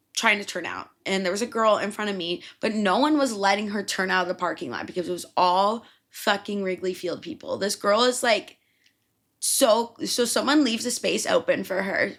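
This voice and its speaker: Young woman, from Chicago, podcast host, casual rant, lots of swearing, very lively pitch. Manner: profane, animated storytelling.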